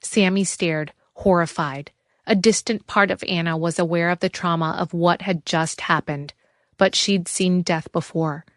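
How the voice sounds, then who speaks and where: Low-voiced woman narrating an audiobook. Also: fairly even intonation, measured pace, dry recording, studio quality.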